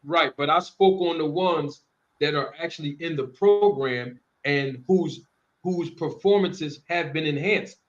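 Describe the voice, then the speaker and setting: A man's voice: fairly high pitch, measured pace, lo-fi sound. A man hosting a live boxing call-in show, pressing a caller with leading questions.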